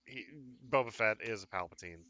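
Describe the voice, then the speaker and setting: On a live fan talk show, a male co-host chats casually, rambling with lots of fillers and restarts. His voice is lowish, fairly quick and sharp, and the sound quality is lo-fi.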